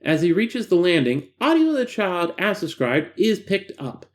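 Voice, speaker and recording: A man reading a horror document aloud as host, breaking off for chatty, self-deprecating asides. His voice sits fairly high for a man. It swings widely and animatedly in pitch. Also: sing-song, moderate pace.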